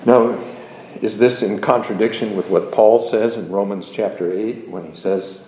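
A man preaching a sermon in a slow, measured, emphatic way, explaining a psalm verse by verse. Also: fairly low pitch, steady tone, darkish tone, a little hiss or hum. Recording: muffled, roomy recording.

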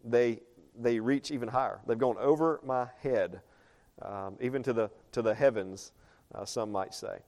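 The pastor's sermon comes at a normal speed in a medium-pitched, slightly mellow voice. He speaks conversationally, quizzes the congregation, and reads scripture in older English.

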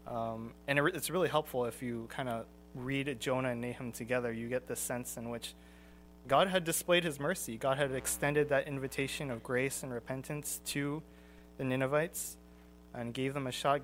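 A young man leads a Bible class and talks through it loosely, with plenty of ums and restarts. His pitch sits in an ordinary middle range. A faint hum runs underneath. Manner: conversational, frequent ums and restarts.

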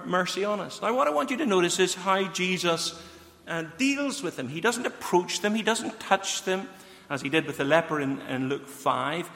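A man's voice: high voice, bright, forceful tone. A man preaching a sermon, earnestly putting questions straight to his listeners. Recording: long hall reverb.

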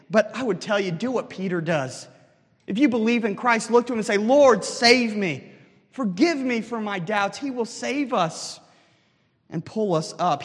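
A pastor with a high voice delivers an earnest sermon full of rhetorical questions, preaching in a hall with lots of reverb.

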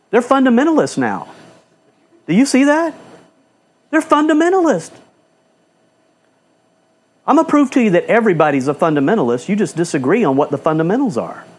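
A man's voice: sits high, husky. A male pastor preaching a fiery sermon in a church, firing off rhetorical questions and repeating phrases for emphasis.

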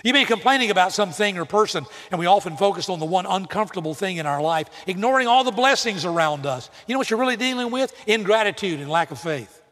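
High-voiced preacher in a reverberant hall. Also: male voice, lively intonation, quick pace, fairly bright tone. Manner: direct, emphatic, acts out imagined apologies. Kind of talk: sermon to students.

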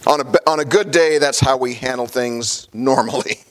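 A man's voice: mid-range voice, normal speed. A middle-aged man, a pastor, preaching a sermon in a folksy storytelling way, with many fillers and small chuckles.

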